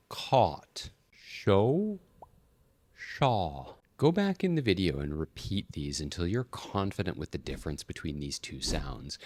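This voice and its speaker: A man teaching an English pronunciation lesson, slowly and deliberately demonstrating vowel sounds. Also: deep voice, no echo.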